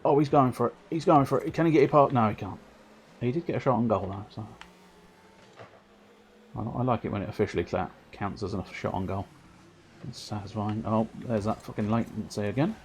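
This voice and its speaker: A man giving excitable, self-mocking running commentary on his own gameplay while streaming, sometimes turned away from his microphone. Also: lowish voice, brisk, a little hiss or hum. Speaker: livestreamer. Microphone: desk microphone, sometimes turned away.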